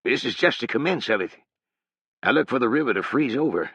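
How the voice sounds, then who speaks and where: A man's voice: mid-range voice, animated, fairly quick, a bit bright, slightly rough, no echo, pitched above the performer's own voice. A man voicing a gloomy, fatalistic old ragpicker who talks in a drawling, mournful rural manner, for an audiobook. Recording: dull, dry sound.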